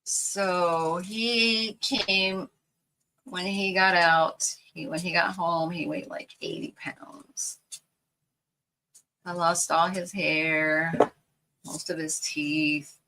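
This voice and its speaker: An older woman talks through a family story while she works on a craft project at home, rambling and laughing now and then. Her voice is bright and a little low, and she takes her time, speaking slowly. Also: steady tone, a little hiss or hum, low-quality recording. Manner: rambling, chatty, quick to laugh. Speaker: craft vlogger.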